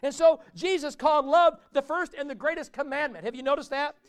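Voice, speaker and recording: A man's voice: very high-pitched, brisk. A man preaching a conversational sermon in a church, often asking his listeners questions. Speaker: pastor.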